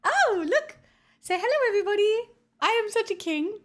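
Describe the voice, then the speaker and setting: Young woman streamer with a high voice, excitable and gushing, baby-talks a dog. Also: moderate pace. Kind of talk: casual livestream chat.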